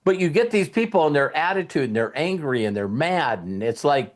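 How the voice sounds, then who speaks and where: A man's voice: on the high side, sing-song, fairly quick, few pauses. A middle-aged man, host of a coaching show, telling a personal story in a casual motivational talk and acting out his younger self's words. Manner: storytelling, acts out his younger self in quotes.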